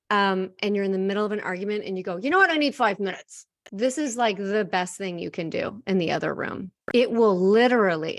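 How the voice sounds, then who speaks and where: A woman's voice: mid-range voice, no echo, studio quality. A woman coach in a casual, candid talk, guiding breathing exercises with frequent fillers. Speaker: host and coach.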